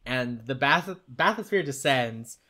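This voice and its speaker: Bright-voiced man recapping a game. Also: medium pitch, unhurried. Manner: lively, laughing storyteller who recaps scenes. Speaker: podcast co-host. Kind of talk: casual podcast chat.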